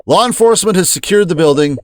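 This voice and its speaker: A man's voice: sits high, expressive, quick pace, no echo, clean studio sound. A man voicing a male school headmaster reading a formal announcement.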